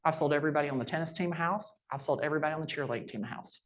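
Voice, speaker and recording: A woman's voice: low voice, racing. A woman, a guest speaker telling brash, folksy stories on stage at a sales rally. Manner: brash, lively, folksy storyteller. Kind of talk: storytelling talk on stage.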